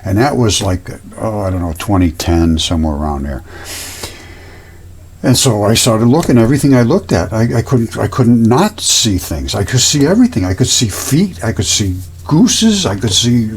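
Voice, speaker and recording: A man's voice: on the low side, very animated, moderate pace, slightly rough. A man hosting his own channel, talking casually and earnestly over images, rambling and repeating himself. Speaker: host.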